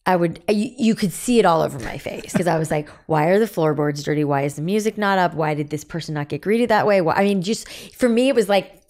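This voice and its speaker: Animated woman in her forties, lowish voice. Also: fast. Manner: animated storytelling, acts out quoted dialogue. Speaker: guest, business founder. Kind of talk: candid podcast interview.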